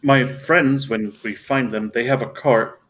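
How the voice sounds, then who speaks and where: A man plays a tabletop game and describes what his character does in a plain, earnest voice. His pitch sits in a middle range. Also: unhurried, fairly bright tone. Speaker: player.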